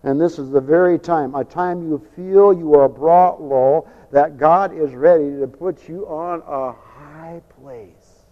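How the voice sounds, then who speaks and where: Middle-aged preacher guy, high voice, goes from shouting to low jokey asides, long hall echo. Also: takes it slowly, highs cut off. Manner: swings from loud shouting to low quiet asides, joking. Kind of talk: fiery sermon. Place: large church hall.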